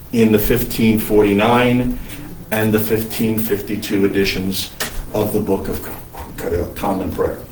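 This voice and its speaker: A male priest giving an unscripted lecture, halting often to restart his sentences. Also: fairly low pitch, darkish tone, slight background noise. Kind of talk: recorded lecture. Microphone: single mic, speaker sometimes covers it. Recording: roomy echo, mic at a distance.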